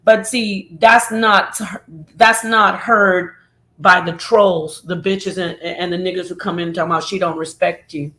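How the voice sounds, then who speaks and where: A middle-aged woman with a slightly low voice speaks in an impassioned online monologue. She hammers her points home with emphatic repetition and blunt profanity, and she talks as a show regular holding forth. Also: fairly even intonation, unhurried, sharp tone.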